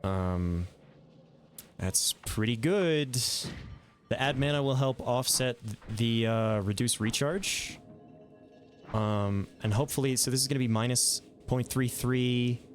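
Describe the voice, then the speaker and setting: A man giving live gameplay commentary, thinking aloud in a relaxed way with some mild swearing. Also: fairly low pitch, a little hiss or hum. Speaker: game streamer.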